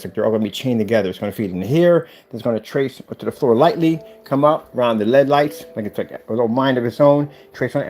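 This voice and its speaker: Excited man vlogging, then preaching. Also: mid-range voice, slight background noise. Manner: fast, excited, with religious exhortation. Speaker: vlogger showing his studio build.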